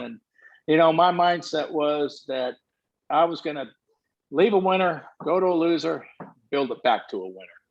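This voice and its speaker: An older man, a former baseball manager, telling stories in an interview and acting out the dialogue. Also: on the high side. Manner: animated storyteller acting out dialogue. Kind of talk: storytelling interview answers. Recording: muffled lo-fi audio.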